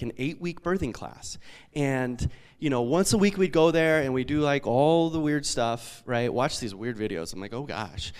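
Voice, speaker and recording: A man in his thirties preaches a sermon in a high, lively voice that swings up and down. He tells stories in a loose, self-deprecating way and keeps checking in with his listeners. His talk is full of restarts and fillers. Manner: storytelling, animated, self-deprecating, many fillers. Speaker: pastor.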